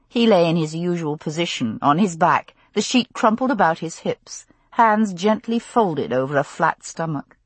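A woman narrates a first-person novel in a low, husky voice. Her delivery moves widely in pitch, expressive and intimate. The recording is dry and close. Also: dry recording. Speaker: audiobook narrator.

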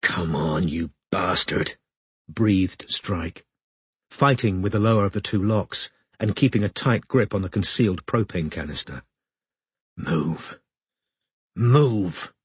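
Brief: gruff, deep-voiced detective, terse and stern, husky edge, narrator's own put-on. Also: male voice, unhurried, no echo. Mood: tense. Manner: breathing words under his breath, stern. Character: gruff male private detective, tense and determined.

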